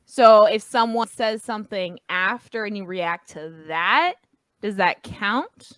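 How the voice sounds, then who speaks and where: A woman's voice: mid-range voice, expressive, slow pace, a bit bright, smooth, no room sound. A woman co-hosting a casual podcast chat, giggly and asking lots of questions. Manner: giggly, asks questions about the rules. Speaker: podcast co-host. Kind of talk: casual chat over drinks.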